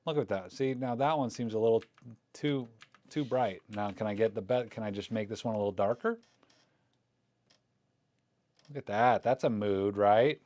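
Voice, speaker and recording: A man's voice: fairly low pitch, moderate pace, no echo. Chatty man commenting live on film scans. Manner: chatty, joking, thinking aloud. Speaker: photography vlogger. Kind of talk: casual live commentary while scanning film.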